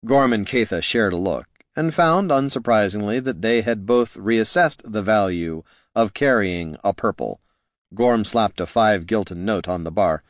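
A man narrates a fantasy novel in a steady, measured way. His voice sits low. The recording is close and dry, with no room sound. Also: no echo. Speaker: audiobook narrator.

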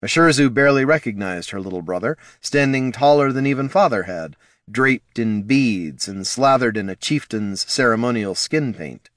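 Male narrator, lively intonation, close dry sound, reads a fantasy book. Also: medium pitch, moderate pace, no echo. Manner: expressive storytelling. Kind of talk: scripted narration.

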